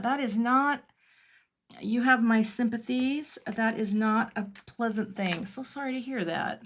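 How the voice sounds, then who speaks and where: A woman's voice: fairly high pitch, measured pace, fairly bright tone. A middle-aged woman hosting a casual card-making livestream from her home craft studio, thinking aloud as she works and answering viewer comments.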